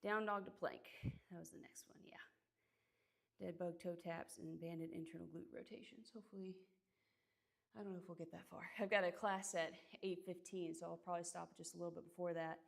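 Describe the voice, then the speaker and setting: A woman's voice: lowish voice, steady tone, brisk, gravelly. A young woman streaming her workout, out of breath, chatting casually and greeting viewers by name between exercises. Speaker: fitness streamer.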